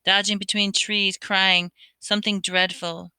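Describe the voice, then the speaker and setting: A woman puts on a gleeful male poltergeist with an oily, cackling voice from a storybook. The tone is very bright and smooth. It sounds dry and close. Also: mid-range voice, level tone, a little slow, no echo.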